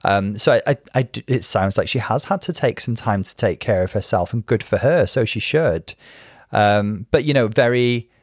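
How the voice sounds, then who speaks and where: A man, co-hosting a casual reaction chat with campy, excitable commentary. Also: lowish voice, moderate pace, dry recording, studio quality. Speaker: podcast co-host.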